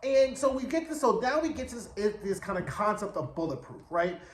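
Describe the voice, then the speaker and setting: A man's voice: high-pitched, big pitch swings, fairly quick, echoey room, slight background noise. A man giving a sassy, slangy, chatty recap of a TV episode, slipping into quoted voices as he retells scenes. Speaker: TV recap reviewer. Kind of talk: casual recap and commentary.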